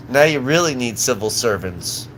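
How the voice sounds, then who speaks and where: A man streams live, ranting in a profane, agitated voice. He rambles and restarts his sentences constantly, his pitch sitting in a plain middle range for a man. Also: lively intonation, measured pace, a bit bright, slight background noise, rough recording. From Southern California.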